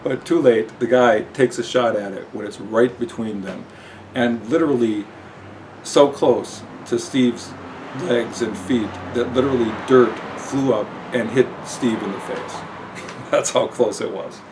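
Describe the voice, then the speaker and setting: A man's voice: medium pitch, a little slow, noisy background. A man telling a personal story in a rambling, self-mocking way, with many fillers. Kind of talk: casual spoken storytelling.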